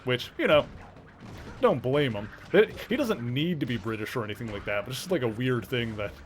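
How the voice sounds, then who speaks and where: A man's voice: mid-range voice, animated, brisk, a little hiss or hum. A man with a mild Canadian accent, chatting casually while streaming a game, rambling with lots of fillers and restarts. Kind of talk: casual chat while gaming.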